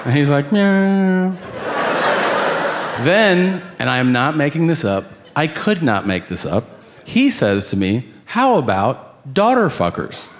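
A man's voice: mid-range voice, sing-song, normal speed, background noise. A man doing a stand-up routine, telling a story with quoted dialogue. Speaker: stand-up comedian.

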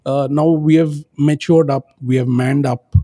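A man's voice: fairly high pitch, fairly even intonation, a little slow, dark tone, dry recording, studio quality. A man co-hosting a casual parenting chat, telling stories and rambling with plenty of fillers and restarts. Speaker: podcast co-host, father. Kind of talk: casual conversation.

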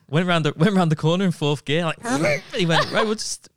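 A man's voice: sits high, very noisy. A man, co-hosting a casual comedy podcast and telling stories while laughing between lines. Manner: animated storyteller who keeps laughing mid-sentence. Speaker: podcast co-host.

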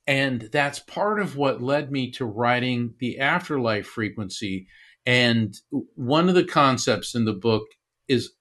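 Earnest man retelling a personal story. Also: medium pitch. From Florida. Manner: earnest, animated retelling with many restarts. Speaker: medium and author, interview guest. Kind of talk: storytelling in a conversational interview.

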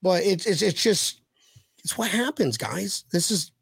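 A man hosting a casual sports podcast, talking in an animated, rambling way with frequent restarts. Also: high voice, unhurried, creaky, slightly rough, dry recording. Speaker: podcast host.

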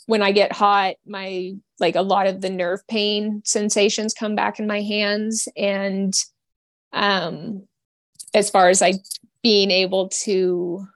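A young woman, a cyclist, talking as a guest in a casual podcast chat, halting with many fillers and restarts. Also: medium pitch, level tone, no room sound.

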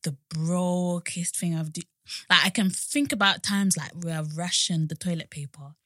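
A woman's voice: lowish voice, fairly bright tone, no room sound, studio quality. A young woman, co-hosting a casual chat podcast and reacting with frequent giggles. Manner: giggly, quick to react with laughter. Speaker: podcast co-host.

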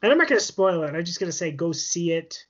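A podcast co-host casually recaps a TV episode, rambling through a story packed with fillers and laughs. His voice is a little high, very animated and fairly bright, and he talks at a quick pace. The podcast audio is dull and lo-fi.

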